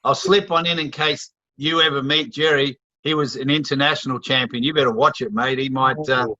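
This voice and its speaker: A man's voice: medium pitch, fairly even intonation, fairly quick, sharp tone, no echo. A man hosting an interview in a friendly way and asking follow-up questions. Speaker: host. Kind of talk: casual interview. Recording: dull, dry audio.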